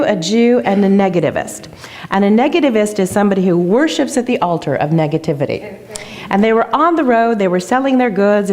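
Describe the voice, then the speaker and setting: A woman's voice: mid-range voice, a little mellow. A woman guest speaker giving an enthusiastic motivational talk in a church, telling a joke story. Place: church sanctuary.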